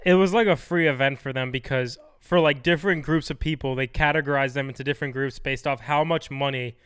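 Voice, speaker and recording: A young man co-hosts a casual podcast, chiming in with laid-back jokes and banter. His voice is bright and smooth, pitched a little high for a man, on a dry close mic. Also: brisk, no room sound. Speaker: podcast co-host. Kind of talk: casual chat.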